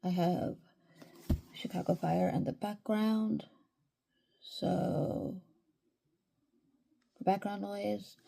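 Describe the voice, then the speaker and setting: A woman's voice: mid-range voice, steady tone, extremely slow, gravelly, long pauses, mellow. A woman giving casual reading updates in a vlog from home, easygoing and rambling with lots of fillers. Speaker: reading vlogger.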